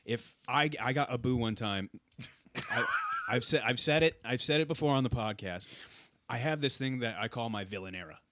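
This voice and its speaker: A man's voice: mid-range voice, moderate pace, fairly bright tone. A young adult man co-hosting a podcast, telling loose comic stories with frequent laughs. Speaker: podcast co-host. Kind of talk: casual podcast chat.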